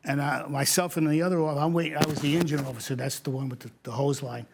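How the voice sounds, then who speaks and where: A retired fire captain from New York tells stories in a casual interview against a noisy background. His fairly high voice is fast, with vocal fry, and he animatedly acts out what people said and laughs often.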